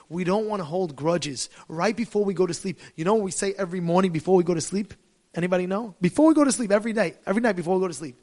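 A man giving a sermon as a rabbi, telling stories dramatically and swinging from hushed tones to shouting, with Hebrew and Yiddish terms mixed in. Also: high voice.

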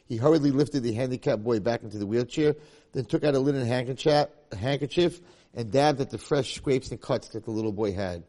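A man's voice: medium pitch, a little fast, dark tone. A man teaching a religious lecture, telling a moral story and repeating key points for emphasis. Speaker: Torah teacher.

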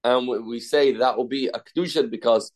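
A man's voice: mid-range voice, steady tone, fairly quick, a little mellow. A man teaching a daily Talmud class, reading Aramaic lines and then translating and explaining them. He repeats key phrases and asks and answers his own questions.

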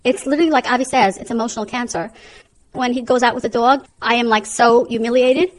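A woman's voice: a little high, quick pace, a little hiss or hum, rough recording. A woman with giving an emotional, earnest personal testimony as a mother, often repeating herself. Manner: emotional, repetitive, earnest storytelling.

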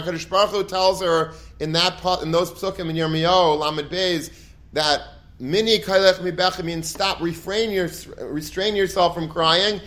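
A man's voice: a little high, fairly even intonation, unhurried, fairly bright tone. A man giving an earnest, emotive Torah talk in a storytelling manner, often restarting phrases and using Hebrew and Yiddish terms. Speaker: Torah teacher.

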